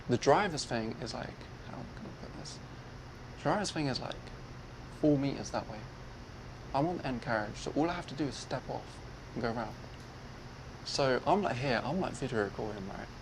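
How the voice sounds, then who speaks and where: A man's voice: mid-range voice, expressive, moderate pace, pauses often, background noise. A man telling a personal story in a casual way. He acts out other people's lines as he goes. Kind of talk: casual retelling.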